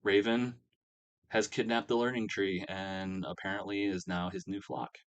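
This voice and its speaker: Low-voiced man rambling through a recap. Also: flat delivery, moderate pace, muffled recording. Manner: rambling, filler-heavy storytelling. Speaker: game commentator. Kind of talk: casual recap of a wrestling sim game.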